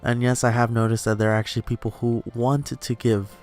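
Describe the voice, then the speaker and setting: A man's voice: medium pitch, flat delivery, brisk, darkish tone. A young man hosts a casual gaming commentary, rambling on with fillers and frequent laughs. He records in a room at home while faint game music plays underneath. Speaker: let's play host.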